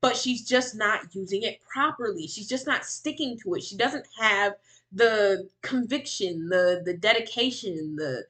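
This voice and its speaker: A woman's voice: mid-range voice, animated, a little slow, a bit bright. Heated woman ranting over a clip. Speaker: commentary streamer reacting to a clip. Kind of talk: reaction commentary.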